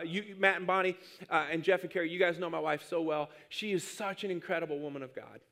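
A man's voice: fairly high pitch, fairly bright tone. A man in his thirties preaching a sermon, telling a funny story and acting out his own whiny prayers. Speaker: pastor.

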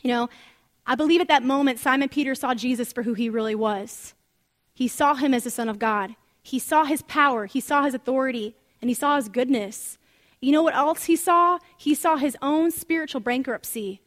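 A woman teaching from the Bible in an animated, conversational sermon full of asides. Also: high-pitched, normal speed. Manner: animated, chatty storytelling with asides.

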